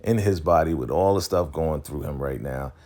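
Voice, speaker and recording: A man recapping a TV episode in a casual, slangy, chatty way, often acting out the characters' lines in quick quoted voices. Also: a bass voice, dark tone. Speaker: TV recap host.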